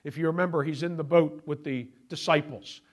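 A middle-aged pastor delivers his sermon in a slightly higher voice. He talks to the congregation as if in conversation, dropping to quiet asides and then pressing his points harder. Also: fairly even intonation, brisk. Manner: conversational preaching, shifting between quiet asides and raised emphasis.

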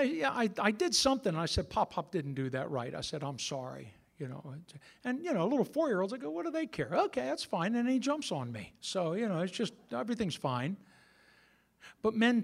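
A middle-aged pastor preaching a sermon with a lively, bouncing delivery and a high-pitched voice. He keeps it conversational and turns aside to talk with the congregation. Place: church sanctuary.

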